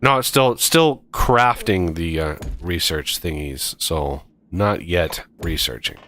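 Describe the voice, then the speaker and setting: Deep-voiced, slow-paced male game streamer, casual, thinking out loud. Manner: thinks aloud, counts off steps while building. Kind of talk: casual multiplayer gameplay chat.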